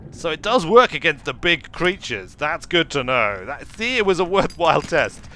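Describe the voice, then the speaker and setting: Bright lively man narrating gameplay. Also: on the high side, normal speed, slight background noise. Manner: whimsical, chats to game creatures. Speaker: gaming streamer. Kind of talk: playful let's play commentary. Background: faint game music.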